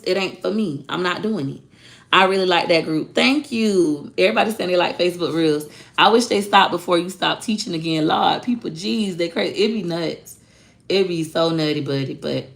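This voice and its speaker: A woman with a low, gravelly voice full of vocal fry speaks bluntly and animatedly to her viewers. She sounds outspoken and unfiltered, talking off the cuff in a casual livestream. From Florida. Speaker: online social media course teacher.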